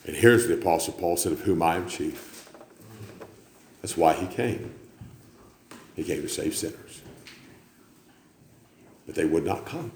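Casting: lower-voiced male preacher, sermon delivery, room echo, faint hiss. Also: a little slow, long pauses. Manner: preaching, building to loud climaxes then dropping low. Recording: echoey room with faint background noise.

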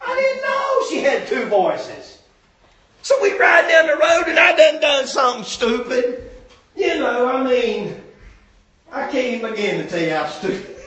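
A man preaching a comic sermon, telling jokey stories and often shouting. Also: very high voice, distant mic. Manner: joking storyteller, often shouting. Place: church sanctuary. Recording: echoey church hall from afar.

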